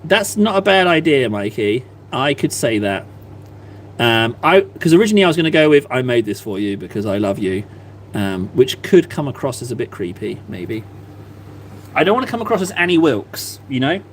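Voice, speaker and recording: A man's voice: on the high side, big pitch swings, moderate pace, slight background noise. Chatty man rambling while painting. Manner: chatty, self-mocking, rambling asides to chat. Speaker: streamer painting miniatures. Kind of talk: casual livestream chat while painting.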